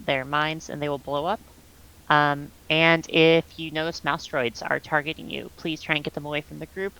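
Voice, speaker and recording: A woman explaining game tactics over voice chat as raid leader, calm and instructive, with many ums, on a headset. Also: low-pitched, clear, resonant tone, poor audio.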